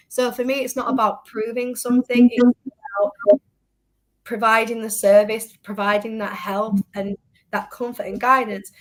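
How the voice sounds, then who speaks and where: A woman's voice: a little high, low-quality recording. A woman who works as a psychic medium, a guest speaking earnestly in a casual chat and laughing off teasing.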